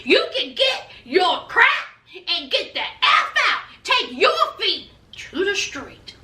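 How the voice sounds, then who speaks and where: A woman's voice: very high voice, huge pitch swings, slow pace, sharp tone, full character voice. A woman voicing a hot-tempered young man fussing indignantly at his girlfriend. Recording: roomy echo.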